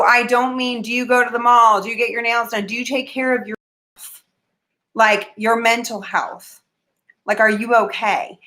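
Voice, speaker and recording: A woman's voice: a little high, bright, forceful tone. A woman giving a frank, emphatic motivational talk to camera, firing off rhetorical questions in a folksy way. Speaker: motivational speaker.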